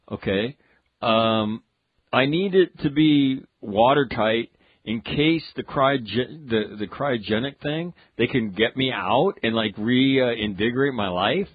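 A man's voice: mid-range voice, slightly rough, no room sound, narrow, tinny audio. A man hosting a radio talk show, chatting casually and rambling with jokes. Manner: rambling, jokey, acts out quotes.

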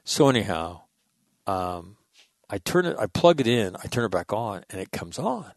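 Speaking at a moderate pace with big swings in pitch, a lowish-voiced middle-aged man rambles loosely through stories. He keeps restarting his sentences and swears in a casual way, recorded close up and dry, with no echo from the room.

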